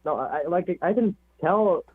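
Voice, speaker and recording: A man's voice: high-pitched, animated, normal speed, husky. A young man from Mexico calling in on the phone, eager, laughing often and modest. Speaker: caller. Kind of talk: phone call-in chat. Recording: tinny phone line.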